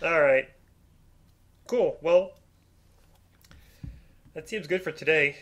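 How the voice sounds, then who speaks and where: A man's voice: a little high, slow, a bit bright, dull audio. A man co-hosting a podcast in casual chat, easygoing, who laughs while telling stories. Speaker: podcast co-host. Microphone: podcast mic on a desk, remote.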